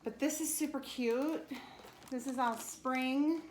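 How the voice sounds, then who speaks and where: A woman casually unboxing a craft kit for her channel, bubbly and excited as she shows each piece. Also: high voice, slow. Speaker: craft vlogger. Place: home craft studio. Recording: echoey room, faint noise.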